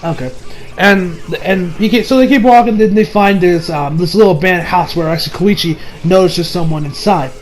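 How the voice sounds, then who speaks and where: A man's voice: high-pitched, fairly quick, slight background noise, low-quality recording. A man casually recapping and commenting on an anime episode, rambling with fillers and incredulous asides. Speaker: anime reviewer.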